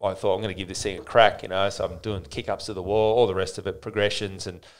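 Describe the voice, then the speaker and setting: A man, a podcast guest telling a story in a rambling, animated way with many restarts. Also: low voice, fast talker. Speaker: podcast guest, fitness business owner. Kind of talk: casual interview storytelling.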